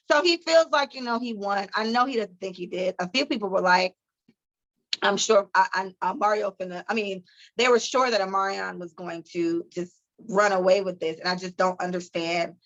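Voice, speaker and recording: A woman co-hosting a podcast, chatting casually with profane, animated storytelling. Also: medium pitch, normal speed, muffled recording. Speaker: podcast co-host. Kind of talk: casual chat.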